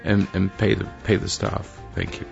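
A man's voice: sits low, little pitch movement, moderate pace, loud music behind the voice. An older man hosting a call-in radio show, counseling a caller in a rambling, preachy way and correcting himself as he goes. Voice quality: gravelly, husky. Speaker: radio talk show host. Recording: dull lo-fi radio broadcast.

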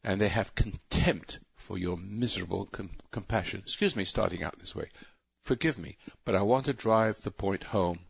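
Radio call-in host, male, low gravelly husky voice, rambling sermon-like monologue on a muffled broadcast. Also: moderate pace, few pauses, no echo. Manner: rambling, self-interrupting, preachy.

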